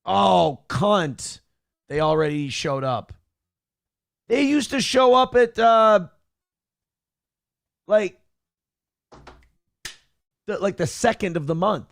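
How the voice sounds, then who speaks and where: A man's voice: high voice, expressive, takes it slowly, gravelly, long pauses, no echo, studio quality. A man hosting a morning show, talking in a crude, profane and mocking way as casual opinionated chat.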